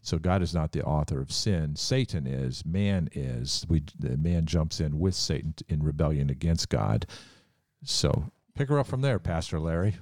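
A man's voice: a bass voice, lively intonation, normal speed, darkish tone, no echo, clean studio sound. A man co-hosting a discussion about faith, speaking fervently, as if giving a testimony. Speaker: co-host. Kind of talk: casual chat.

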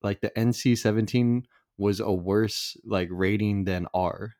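Young male co-host, low voice, easygoing slang, dry recording. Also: unhurried, no room sound. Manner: relaxed, slangy. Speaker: podcast co-host. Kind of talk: casual chat.

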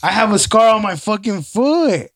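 A man's voice: high voice, moderate pace, no echo, studio quality. A man on a casual podcast, telling a story with lots of slang and swearing and acting out the voices of the people in it. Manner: animated, acts out quoted voices, heavy slang and swearing. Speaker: podcast co-host. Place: home.

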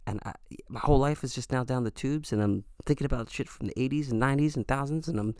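A man's voice: medium pitch, fast, hardly any pauses, a little mellow, smooth, no room sound, studio quality. A man hosting a solo podcast, talking in a rambling, earnest and joking way with lots of fillers. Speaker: podcast host. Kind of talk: casual solo podcast monologue.

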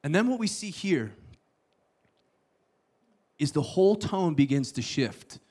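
A man preaching a sermon, telling the story with playful asides and sudden hushed lines. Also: fairly high pitch, sing-song, unhurried. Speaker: pastor.

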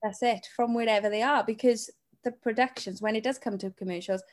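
A woman's voice: fairly high pitch, fairly even intonation, brisk. A woman talent agent co-hosting a casual podcast, chatty and often laughing as she tells stories.

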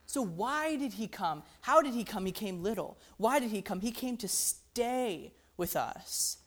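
A music teacher explains how a hymn's melody works, speaking in a conversational way. Her mid-range voice is animated and a little slow, and she keeps checking in with "right?" and musing "interesting."

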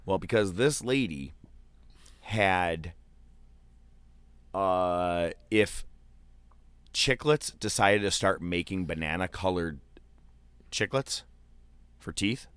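A man telling a profane, animated story in casual chat, acting out the voices of the people in it. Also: deep voice, slow pace, pauses often, clear, resonant tone, no echo. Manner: profane, animated, acts out quotes.

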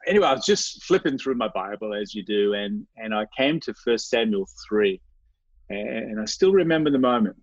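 A man's voice: fairly low pitch, lively intonation, moderate pace, no room sound. A man as an interview guest telling a personal faith story, earnest and reflective, often restarting and repeating his words. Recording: dry, slightly dull recording.

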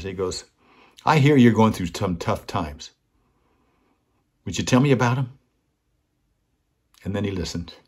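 An older man with a deep, slightly husky voice hosts a weekly talk segment. He tells a personal story in an earnest, heartfelt way and brings the people in it to life by acting out their lines. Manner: earnest, acts out quoted voices. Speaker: host.

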